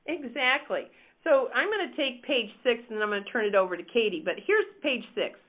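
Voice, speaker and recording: A woman's voice: on the high side, expressive, a little fast. An upbeat woman trainer talks emphatically and directly as she walks her listeners through a lesson. Her voice comes through a narrow, tinny phone line. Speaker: real estate team coach. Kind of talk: teaching a coaching call.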